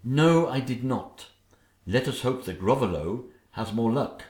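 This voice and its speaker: A man voicing a bossy, quick-tempered middle-aged stepmother queen with a shrill, scolding voice, recorded in a roomy space. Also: lively intonation, a little mellow, lightly acted. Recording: roomy echo.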